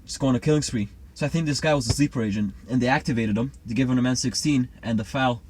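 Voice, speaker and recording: Man, middle pitch, rambling, self-assured, casual chat, faint background noise. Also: rapid-fire, a little mellow. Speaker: co-host.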